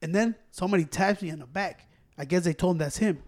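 High-voiced man telling a profane story. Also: quick pace. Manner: profane, animated, acts out quotes. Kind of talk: casual storytelling among friends.

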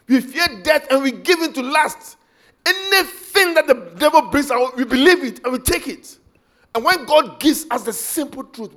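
A man's voice: very high voice, fairly bright tone. A man preaching an emotional, impassioned sermon.

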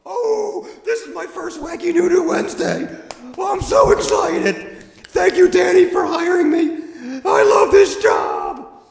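A man voicing a jittery, excited teenage fast-food worker who gushes and gets flustered, heard in an echoey room. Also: gravelly, exaggerated voice. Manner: squeaky, gushing, flustered. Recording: echoey roomy recording.

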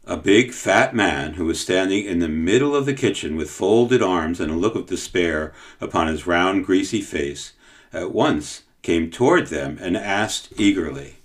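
A man narrates a children's story, reading in a measured, expressive way. His voice is low but lively and swings widely in pitch. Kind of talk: audiobook storytelling.

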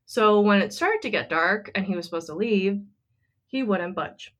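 A woman's voice: mid-range voice, expressive, moderate pace, fairly bright tone. A woman co-hosting a casual podcast, retelling a friend's story in a chatty way with lots of fillers. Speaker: podcast co-host.

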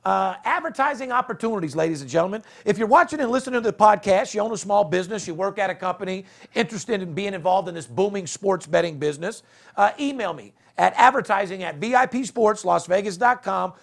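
A man's voice: high-pitched, expressive, fast, creaky. A man hosting a sports betting podcast, talking brashly and profanely in casual banter. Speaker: podcast host.

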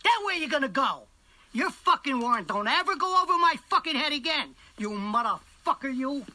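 An actor playing a volatile, middle-aged mobster who hurls profane threats, heard in a film clip. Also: male voice, very high voice, animated, moderate pace. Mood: raging. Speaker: film character. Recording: film clip with loud background noise.

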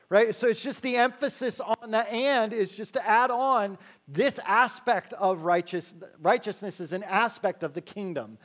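A man preaching a sermon in a conversational way, slowing down to stress key phrases and adding joking asides to the congregation. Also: high voice, a bit bright. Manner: slows to stress key phrases, then rattles along quickly. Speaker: pastor.

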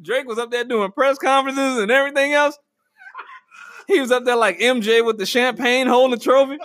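A man's voice: sits high, fairly quick, no echo. A man hosting a podcast with a casual comedic monologue, full of slang, and acted-out quotes. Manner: animated, slangy, acts out quotes with laughter. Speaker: podcast host.

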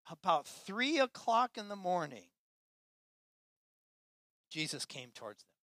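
A man preaching a sermon to his church with passion, swinging between loud, emphatic lines and quiet, hushed ones. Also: high-pitched, very animated, unhurried, no echo. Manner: impassioned, swinging from loud to soft. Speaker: pastor.

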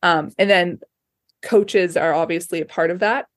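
A young woman talks as an interview guest, her voice sitting low for a woman. She chats loosely, with plenty of fillers and restarts. The sound is close and dry. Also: normal speed, dry recording. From Australia. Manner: chatty, many fillers and restarts. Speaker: ski racer guest. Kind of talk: casual interview chat.

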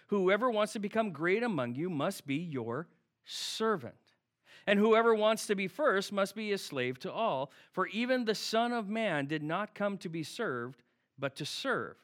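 A man's voice: high-pitched, a bit bright. A man speaking as a pastor, praying and then preaching a sermon in a conversational way, full of rhetorical questions. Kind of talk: sermon with prayer. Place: preaching to an online audience at home.

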